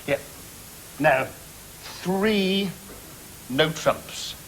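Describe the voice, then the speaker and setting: A man's voice: a little high, drawn-out words, a bit bright, slight background noise. A man with an English accent playing a pushy young husband, a trainee salesman who rambles eagerly and keeps saying "I mean", in a studio sitcom. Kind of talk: 1980s studio sitcom acting.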